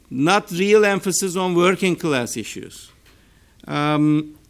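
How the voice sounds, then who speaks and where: In a seminar room, a political science researcher with a Turkish accent presents an academic talk. His smooth, slightly high voice has vocal fry, and he speaks slowly and deliberately, hesitating often with fillers.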